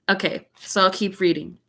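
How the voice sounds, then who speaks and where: A woman's voice: medium pitch, creaky, sharp tone. Giggly woman teacher reading aloud. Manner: giggly, chatty, playful asides. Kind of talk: chatty read-aloud with asides.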